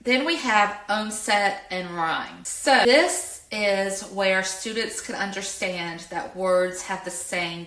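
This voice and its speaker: Woman, middle-aged, educator, explanatory lesson, bright tone, stresses example words, echoey room. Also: medium pitch. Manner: slow, clear, with stressed sounds on example words.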